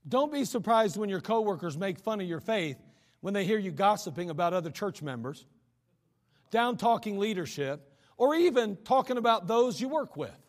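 Very animated and speaking at normal speed, this male preacher has a high voice that echoes in a large hall. His sermon is conversational, and he acts out the voices of those he quotes.

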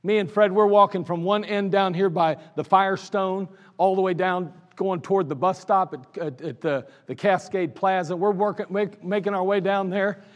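A pastor with an Ohio accent tells his congregation stories of the church's early years in an anniversary sermon, full of lively energy and laughing at his own tales. His voice is slightly high for a man, at normal speed with hardly any pauses. The recording from the church sanctuary carries a long hall reverb.

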